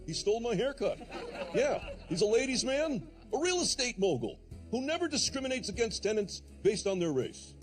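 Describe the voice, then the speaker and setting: An actor playing a self-important best man giving a jokey wedding toast. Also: sits high.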